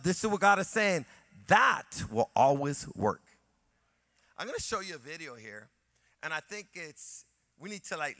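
A male pastor preaching a sermon in an animated way, telling a personal story and acting out the dialogue. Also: a little high, no echo.

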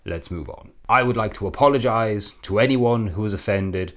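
A man's voice: fairly low pitch, normal speed, a bit bright, lightly acted. A man doing a satirical impression of a bumbling, smug British prime minister, blustering through a comic monologue with chuckling self-mocking asides. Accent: English.

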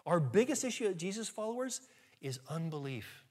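A man's voice: sits high, big pitch swings, a little fast, a little mellow. A man preaching a sermon as pastor, earnest and emphatic, asking his listeners rhetorical questions.

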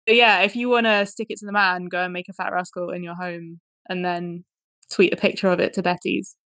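A woman's voice: on the low side, level tone, brisk, a bit bright, dry recording, clean studio sound. A young woman co-hosting a podcast in casual chat, laughing often as she talks. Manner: giggly, laughs often, chatty. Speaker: podcast co-host.

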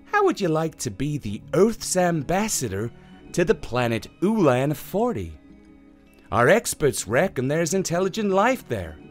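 A man doing a folksy, wheedling woman president. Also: on the high side. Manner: drawling, wheedling.

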